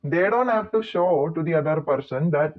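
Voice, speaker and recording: A man's voice: on the high side, lively intonation, normal speed. Chatty man with a tinny phone-like sound. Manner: chatty, digressive, playful asides. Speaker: channel host. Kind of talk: casual talking-to-camera vlog.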